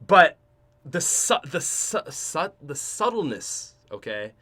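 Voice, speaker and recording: Animated, bright-voiced young Canadian man. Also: fairly high pitch, slow. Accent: Canadian English. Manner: rambling, many fillers and restarts. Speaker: podcast host. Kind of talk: casual storytelling.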